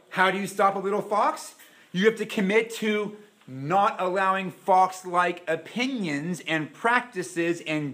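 A man preaching a sermon in a church, animated and dramatic, acting out the voices he quotes. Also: high-pitched.

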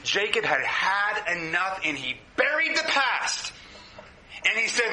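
A man's voice: high-pitched, animated, measured pace, bright, forceful tone. A man, a pastor, preaching a sermon with passion and speaking straight to his congregation. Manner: impassioned preaching, addresses the congregation directly. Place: church hall with a congregation. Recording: roomy echoing hall.

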